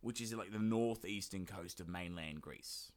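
A man's voice: low voice, moderate pace. A man hosting a history podcast, talking casually with lots of fillers and rambling asides. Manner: rambling, many fillers, jokey put-on voices. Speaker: podcast host.

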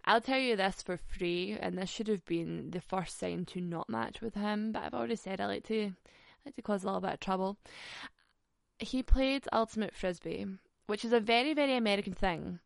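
A young Scottish woman telling a dating story on a podcast in a sweary, sarcastic, animated way. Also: medium pitch, gravelly, no room sound, clean studio sound. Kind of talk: casual storytelling.

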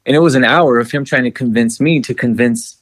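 Brisk and mid-range, this man's voice comes through a dry recording. He's a podcast co-host and musician spinning a profane, animated story in relaxed conversation, performing the dialogue as he goes.

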